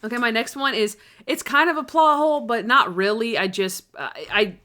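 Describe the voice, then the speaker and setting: A woman's voice: on the high side, moderate pace, pushed and bright. Rambling woman podcast co-host. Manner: rambling, acts out scenes in quoted voices. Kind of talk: casual chat, episode recap.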